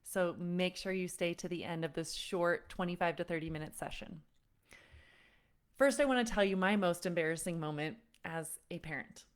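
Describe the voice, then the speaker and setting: Woman parenting coach, smooth clear voice, storytelling to a live audience. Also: fairly low pitch, moderate pace. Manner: warm-up roll call, then storytelling with acted-out quotes. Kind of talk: live webinar teaching.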